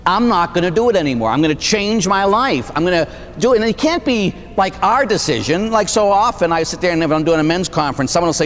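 A Catholic priest preaches a sermon in a high voice, talking fast with few pauses as he tells animated stories, acts out dialogue, and tags lines with "huh?". Faint noise and a long hall reverb mark the recording.

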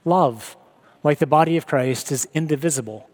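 Guy giving a sermon, earnest and thoughtful, reads the bible out loud. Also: mid-range voice, fairly even intonation, normal speed. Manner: earnest, reflective, reads scripture aloud.

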